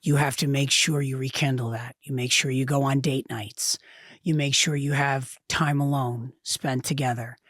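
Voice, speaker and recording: A woman, a podcast guest, talking in a halting way with many restarts. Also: a bass voice, fairly even intonation, no room sound, studio quality. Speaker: podcast guest, fitness trainer. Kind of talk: casual interview chat.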